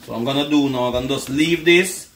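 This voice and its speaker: A man talks his viewers through a home cooking demonstration at a relaxed, mid-range pitch. He keeps addressing the audience directly and chats as he works. A steady hum of background noise fills the kitchen recording. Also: fast talker, poor audio. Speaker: cooking vlogger.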